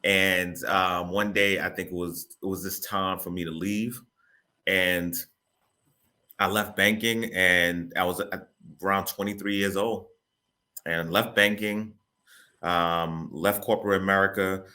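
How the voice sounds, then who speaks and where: Interview guest, male, low-pitched with a bright, forceful edge; animated, repetitive, informal storyteller. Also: measured pace. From Boston area, Massachusetts. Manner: animated, repeats himself, informal grammar. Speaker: guest, real estate broker.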